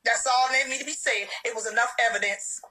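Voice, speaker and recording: Woman, casual storytime, animated, emphatic, high voice. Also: a little fast, noisy background. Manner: animated, emphatic, loud outbursts. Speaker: storyteller in a short video.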